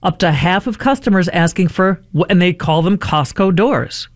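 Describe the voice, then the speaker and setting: A woman co-hosting a morning radio show, bantering in a wry, teasing way with quick asides. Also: fairly low pitch, expressive, no echo, studio quality.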